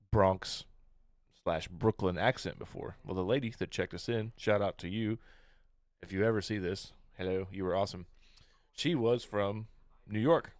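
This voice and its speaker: A man's voice: low-pitched, no room sound, studio quality. A man co-hosting a casual podcast, reading history facts in a laid-back, crude way and laughing often. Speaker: podcast co-host.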